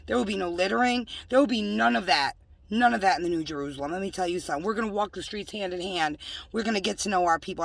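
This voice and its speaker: A woman giving a rambling religious monologue, drifting between soft whispers and loud scolding, slowly reading definitions aloud. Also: on the low side, creaky, far from the mic. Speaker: self-styled prophet vlogger.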